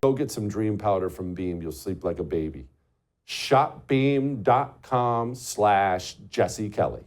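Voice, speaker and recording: A man's voice: lowish voice, lively intonation, slow, a little mellow. A man hosting a political talk show, talking in a blunt, sardonic way and laughing at his own jokes.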